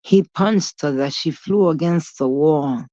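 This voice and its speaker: Slow-talking blunt, profane woman vlogger. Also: low voice, mellow, dry recording. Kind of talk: rambling storytelling monologue. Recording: dull lo-fi recording.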